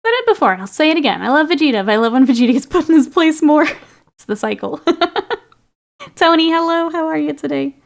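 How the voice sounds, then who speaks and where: With a high, gravelly voice, this woman talks fairly quickly and very animatedly while painting miniatures for her stream. She's chatty, laughs a lot, and reads and responds to viewer comments.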